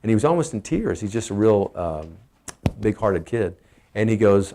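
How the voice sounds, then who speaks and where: A middle-aged man with a Texan accent gives a casual, energetic family health talk, asking his listeners questions as he goes. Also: lowish voice, normal speed, a little hiss or hum. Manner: energetic, emphatic, asks the audience questions.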